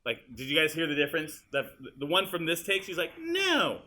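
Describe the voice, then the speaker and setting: A male teacher walking students through an editing demonstration in a high school classroom, casual and chatty as he works. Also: fast, sharp tone. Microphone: room mic, uneven audio quality.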